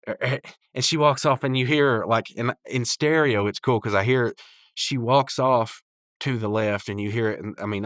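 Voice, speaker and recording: A man's voice: fairly low pitch, a bit bright, no echo, studio quality. A man hosting a podcast, recapping a cartoon episode in a rambling, chatty way full of restarts. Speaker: podcast host.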